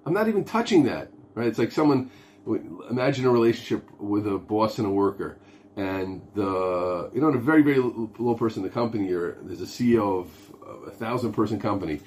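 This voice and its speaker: A man's voice: fairly low pitch, brisk, a little mellow, slight background noise. A man teaching an informal lesson on prayer as a rabbi, earnest, his English full of Hebrew and Yiddish terms. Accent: Hebrew and Yiddish words in English speech. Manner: earnest, mixes Hebrew and Yiddish terms, acts out pleading voices.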